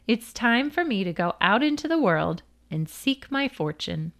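A woman's voice: a little high, sing-song, unhurried. A woman voicing a tiny, brave and polite young samurai in a storybook tale, firm in manner. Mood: determined.

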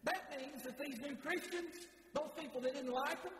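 A man preaches a fervent, repetitive sermon in a church, frequently stammering and restarting his words. His voice is very high-pitched and fairly bright at a normal speed, captured in an echoey hall with faint noise.

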